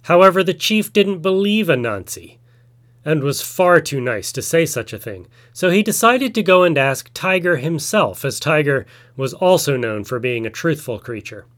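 A man narrating a folk tale in a measured, expressive storytelling manner. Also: on the high side.

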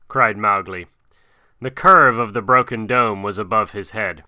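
Crisp, bright-voiced male storyteller. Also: on the low side, dry recording, studio quality. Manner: measured, expressive reading. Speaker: narrator. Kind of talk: storybook reading.

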